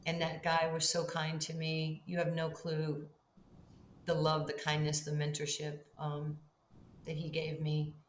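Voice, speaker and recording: Animated storytelling woman, roomy sound. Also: low voice, a little slow, slight background noise. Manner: animated storyteller who acts out both sides of conversations. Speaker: guest, Hall of Fame basketball player. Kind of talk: podcast interview storytelling.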